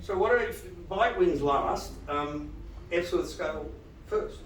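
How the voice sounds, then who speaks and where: Male dental lecturer, lively questioner, slightly high voice, distant mic with faint room hum. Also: takes it slowly, roomy sound. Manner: animated, quizzing the audience, frequent "right?". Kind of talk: live lecture to dentists.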